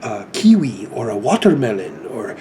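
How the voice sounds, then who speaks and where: A man's voice: on the low side, very animated, normal speed, mellow, slight background noise, voice pushed down. A man doing a put-on British accent to voice a skeptical male film teacher who asks puzzled questions. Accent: British, as a put-on imitation.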